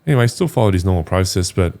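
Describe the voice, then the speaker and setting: Australian bloke, low-pitched, blunt and animated, telling a personal story on a podcast. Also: male voice, racing, vocal fry. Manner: blunt, animated retelling with quoted dialogue. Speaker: podcast guest. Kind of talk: candid storytelling.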